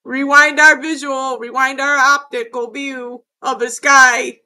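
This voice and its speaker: A woman's voice: high voice, level tone, unhurried, sharp tone. A middle-aged woman narrating her own footage in a casual vlog. She talks in a rambling, emphatic way and curses often. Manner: rambling and emphatic, with frequent cursing. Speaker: video creator.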